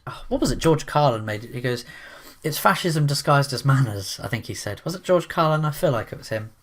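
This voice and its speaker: A man's voice: mid-range voice, animated, fast talker. A man giving opinionated commentary in a rambling, sarcastic way, full of restarts and asides. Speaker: commentary vlogger.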